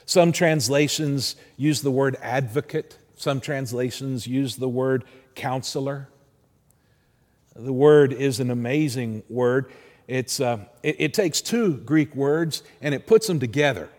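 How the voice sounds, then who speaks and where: A man preaching a sermon as pastor, earnest, slowing and softening his voice to stress key words. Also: medium pitch, long reverb tail. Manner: earnest, slows and softens for emphasis.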